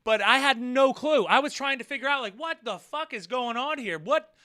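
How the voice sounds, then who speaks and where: Man, vlogger; high, smooth voice; profane, animated storyteller. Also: moderate pace. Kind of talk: casual storytelling vlog.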